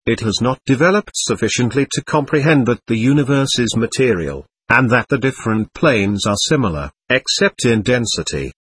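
A man narrating an audiobook in a measured, even reading style. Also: mid-range voice, slightly rough.

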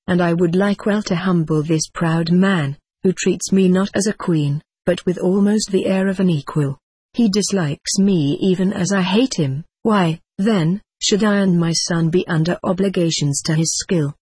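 A reader voicing a vengeful, scheming queen in an audiobook, in slow, archaic, brooding speech. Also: medium pitch, darkish tone, breathy edge, dry recording, close to an everyday voice. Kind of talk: audiobook character reading.

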